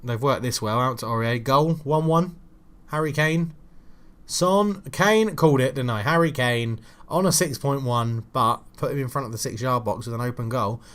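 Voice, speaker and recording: A man narrates his football management game in a loose, chatty way. He grumbles and swears under his breath, then bursts into loud excited shouts when the play gets close, with a mid-range voice that swings widely. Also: mid-range voice, normal speed. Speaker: gaming channel host. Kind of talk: casual football game commentary.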